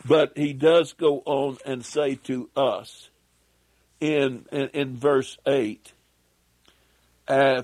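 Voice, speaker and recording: A man teaching a Bible lesson as a sermon, speaking slowly and deliberately with many pauses and "uh" fillers, and reading scripture aloud in old-fashioned wording. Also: mid-range voice, fairly even intonation, a little mellow, no echo. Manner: reads scripture aloud in King James wording.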